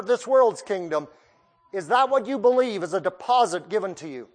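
A man's voice: sits high, animated, moderate pace. A male preacher delivering a sermon, putting pointed questions straight to his listeners. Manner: questions the listeners directly, emphatic.

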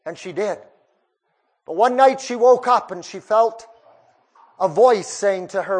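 A man preaching a storytelling sermon, moving between hushed passages and raised ones. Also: high voice, measured pace, long pauses.

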